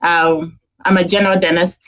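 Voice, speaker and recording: Soft-spoken woman from Ghana, video call. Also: lowish voice, little pitch movement, moderate pace, rough recording. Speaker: guest speaker, dentist. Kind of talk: presentation over a video call.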